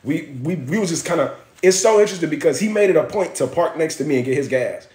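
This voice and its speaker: A young man from Miami hosting a livestream, telling stories in a blunt, profane, animated way. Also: a little high, quick pace. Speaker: livestream host. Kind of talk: casual livestream storytelling. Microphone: phone livestream. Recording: roomy echo.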